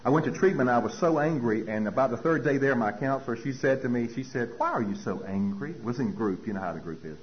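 Man telling his story with lively pitch. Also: fast talker, hardly any pauses, muffled recording. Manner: animated storytelling, acts out dialogue. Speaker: speaker at a recovery meeting. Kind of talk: personal recovery talk.

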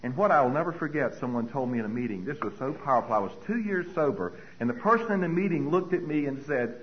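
A middle-aged man tells his own recovery story in an earnest, heartfelt way, circling back to the same phrases for emphasis. His voice sits at an ordinary pitch for a man. The recording is a little dull and muffled, with faint noise underneath. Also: lively intonation, fast talker. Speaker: recovery meeting speaker. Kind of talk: personal recovery talk.

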